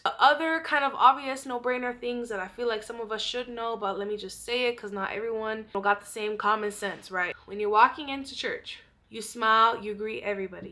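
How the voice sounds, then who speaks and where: Blunt, breathless young woman with a bright voice. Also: on the high side. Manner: blunt, scolding, profane. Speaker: vlogger. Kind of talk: casual advice monologue.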